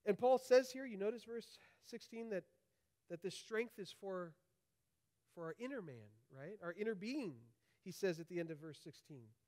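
Pastor guy preaching, pretty high voice, emphatic, keeps asking right?. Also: animated, normal speed, dark tone. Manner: emphatic, frequent tag questions. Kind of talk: sermon.

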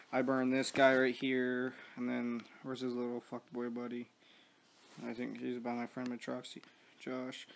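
A man with a mid-range voice plays a mobile strategy game and comments loosely on it, with slight noise in the background. His talk rambles, full of swearing, fillers, and restarted sentences.

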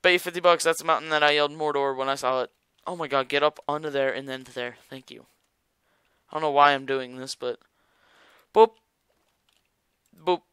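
Chatty young man, bright clear voice. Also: mid-range voice, fairly even intonation, fast, dry recording. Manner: rambling, jokey, talks to viewers. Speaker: gaming YouTuber. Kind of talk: casual gameplay commentary.

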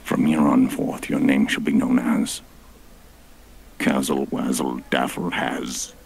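A man's voice: rumbling low, level tone, slow, gravelly, darkish tone, slight background noise, full character voice. A man voicing a pompous, crude male dinosaur god who makes grandiose rhyming proclamations. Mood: solemn.

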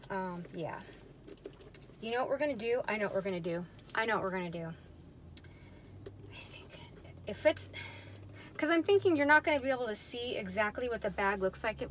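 A woman with a mid-range voice chats casually in a haul vlog as a purse reseller, indoors in a dim room at night with slight background noise. Frustrated, she talks to herself and calls her viewers "y'all" and "you guys."

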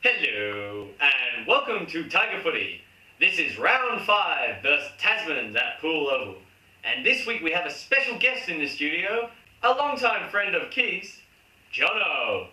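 A man's voice: on the high side, very animated, unhurried, pushed and bright. Australian man doing mock match commentary. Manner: reads match summary in mock-formal tone. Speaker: host. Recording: roomy room, distant mic.

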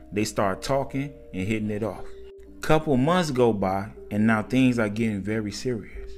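A man narrating a casual story in a conversational, slangy, animated way. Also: mid-range voice.

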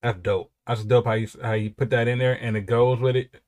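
A man's voice: mid-range voice, fairly even intonation, brisk, a little mellow. A young man giving casual, rambling commentary while reacting to music, with frequent repeated praise.

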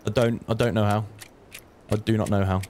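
Casting note: man, low voice, casual gameplay streamer, swears a lot, light hiss behind. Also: brisk. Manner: mutters to himself, swears, sudden high-pitched excited yelps.

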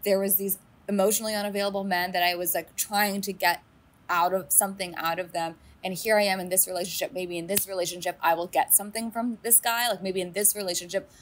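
A woman co-hosting a casual recap podcast, talking in an animated way with many fillers and acting out quotes. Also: medium pitch, fast, a little hiss or hum. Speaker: podcast co-host.

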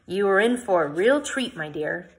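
A woman voicing an enthusiastic, jolly male gentleman scholar in a read-aloud storybook, speaking eagerly. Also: medium pitch, expressive, normal speed, close to an everyday voice.

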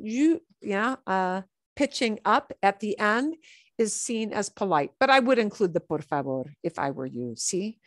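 A woman with a fairly high, slightly bright voice gives an online Spanish lesson. She's chatty and mixes Spanish phrases into her English explanations. The recording is dry.

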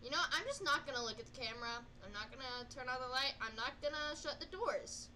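A woman's voice: high-pitched, fast, sharp tone, slight background noise. A woman gamer reacting live to a horror game, panicky and self-mocking, yelping and repeating no over and over and talking to the game's characters.

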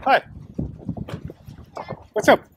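A man on the street outside a police station, answering an officer with sarcastic, mocking remarks. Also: very slow. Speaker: street auditor filming police. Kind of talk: confrontational street exchange. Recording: outdoor street noise.

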